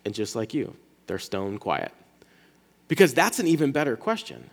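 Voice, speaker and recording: A man preaching a sermon as pastor, talking in a casual, animated way and often restarting his words. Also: medium pitch, moderate pace, vocal fry, in a large hall.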